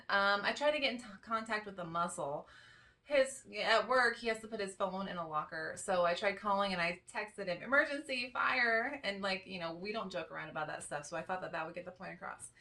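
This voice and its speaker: A woman's voice: mid-range voice, bright, forceful tone. A woman vlogger telling a story in a casual, rambling way, full of "you know" and "like.". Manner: rambling, chatty, heavy on fillers like "you know" and "like". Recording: voice a little distant from the mic.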